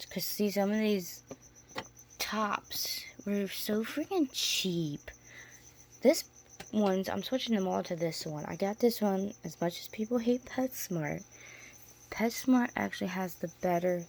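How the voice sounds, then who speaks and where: A chatty woman vlogger at home among her spider enclosures, her voice mid-pitched with a gravelly, fried edge. She rambles and restarts while talking to camera. Faint insect chirps sit behind her. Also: darkish tone, slight background noise. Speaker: tarantula keeper vlogger. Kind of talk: casual chat to camera.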